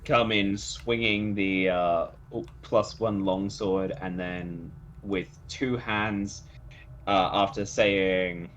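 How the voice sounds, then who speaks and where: A man playing a tabletop game, chatting in a relaxed, hesitant way. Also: on the low side, slow pace, a little hiss or hum. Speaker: player. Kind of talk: casual tabletop game chat.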